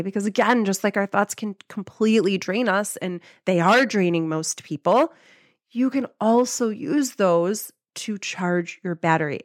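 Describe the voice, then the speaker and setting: A woman's voice: mid-range voice, no echo. Chatty upbeat woman, close and dry. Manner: upbeat, chatty, many "like"s and laughs. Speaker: podcast host and life coach. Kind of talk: casual motivational talk.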